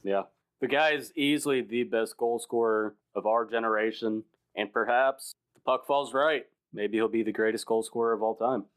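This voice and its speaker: A man's voice: fairly low pitch, moderate pace. A man co-hosting a sports podcast, leading segments in an upbeat, playful, casual way.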